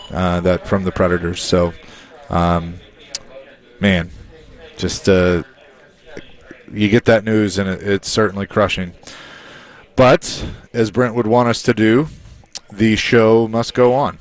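A man hosting a sports talk radio show, speaking in a halting way with many pauses and fillers. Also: on the low side, flat delivery.

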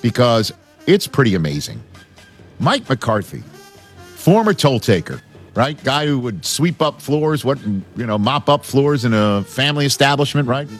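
Male sports talk host, lively pitch swings, jokey and animated, some music in the background. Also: measured pace. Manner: animated, joking, laughs often.

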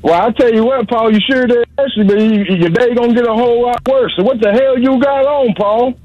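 A man phones into a radio show, teasing and rambling in slang in a very high-pitched voice at a brisk pace. The dull, dry phone-line audio carries a little hiss or hum.

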